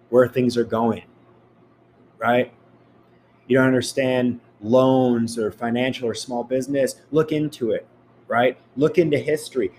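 A man's voice: medium pitch, darkish tone, a little hiss or hum. A man giving a blunt, profane motivational rant, speaking straight to his listeners.

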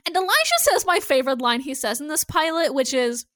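A woman's voice: high voice, fast talker, hardly any pauses, a bit bright, no echo, studio quality. A woman co-hosting a casual TV recap podcast, chatty and swearing freely as she acts out lines from the episode. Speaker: podcast co-host.

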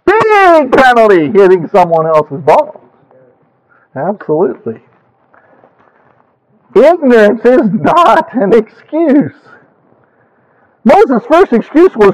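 A man with a high voice delivers a sermon over a radio broadcast. He tells stories and lifts into animated emphasis on his key points. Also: measured pace, poor audio. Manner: storytelling, animated with rising emphasis. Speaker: preacher.

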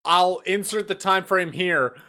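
A man's voice: sits high, unhurried, pushed and bright. A man co-hosting a casual podcast, swearing casually and talking with enthusiasm. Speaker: podcast co-host. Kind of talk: casual chat.

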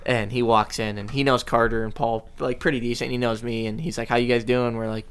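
Young man, mid-range voice, casual podcast co-host, teasing, relaxed storyteller. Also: mid-range voice, brisk, crowd noise. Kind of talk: casual chat.

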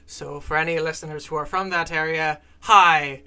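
Male podcast co-host, bright and forceful tone, chatty storyteller full of ums and uhs. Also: fairly high pitch, steady tone, normal speed, clear, resonant tone. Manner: rambling storyteller with many fillers. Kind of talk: casual chat.

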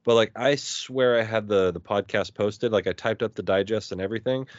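A man co-hosting a podcast in casual chat, telling stories in a joking, animated way. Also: on the low side, a little fast, no room sound, highs cut off. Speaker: podcast co-host.

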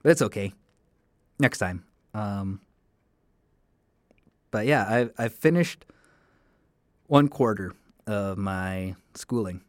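Excited young man, dry close sound. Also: fairly low pitch, slow, pauses often, no echo. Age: young adult. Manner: enthusiastic, rambling. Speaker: solo podcast host, broadcasting student. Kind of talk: casual solo podcast monologue.

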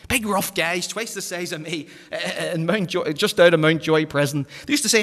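A man preaching a sermon, fervent, swinging from loud exhortation to hushed pleading. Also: a little high, a little fast. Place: church hall. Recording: hall reverb.

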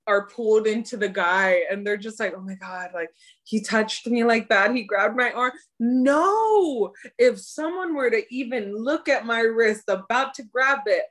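A young woman co-hosting a podcast, chatting in an animated way and ranting with laughter. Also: fairly high pitch. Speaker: podcast co-host. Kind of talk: casual chat.

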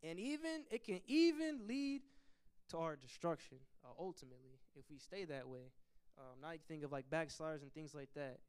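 A man teaching a church Bible study in an animated preaching style. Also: fairly high pitch, normal speed, clear, resonant tone. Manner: animated preaching, acts out complaining voices.

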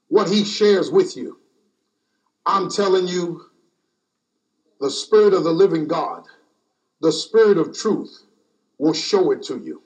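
A man preaching a sermon in a slow, repetitive cadence, stacking refrains line after line. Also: a little high, sing-song, a little mellow. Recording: distant mic.

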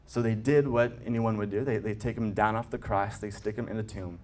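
A man with a lowish, steady, slightly mellow voice preaches a sermon as a pastor, talking briskly with hardly any pauses. He's earnest, building to emphatic peaks and stammering when he restarts.

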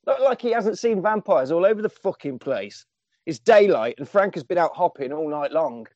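A man's voice: fairly high pitch, animated, moderate pace, darkish tone, dry recording. A man, animatedly recapping a film on a podcast and swearing casually. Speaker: podcast host. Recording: dull lo-fi dry sound.

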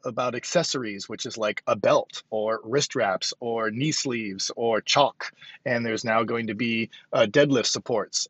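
A man in his fifties talking casually about strength training while driving to work, fast and rambling, highly caffeinated. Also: a bit bright, no echo, dull audio. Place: car on the way to work.

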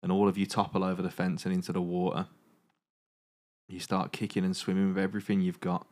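A man's voice: low-pitched, monotone, fast, darkish tone. A man hosting a comedy podcast, reading a choose-your-own-adventure story aloud with dramatic narration broken by jokes.

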